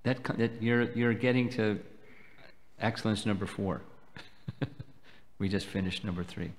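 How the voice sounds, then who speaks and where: A low-voiced man delivers a measured devotional lecture, pausing to explain each point. His voice rings out with a long reverb that fills the temple hall. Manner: measured, explanatory, slow and deliberate. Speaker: swami lecturing at a festival.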